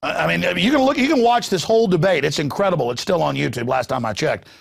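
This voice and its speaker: A man's voice: on the high side, lively intonation, fast, gravelly. A man hosting a talk show, ranting in a combative, sarcastic monologue. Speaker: talk radio host.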